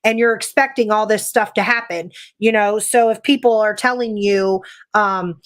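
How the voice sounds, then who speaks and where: A woman from California, a paranormal investigator, talking in a chatty, animated way full of "like" and "you know". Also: medium pitch, moderate pace. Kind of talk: casual podcast chat.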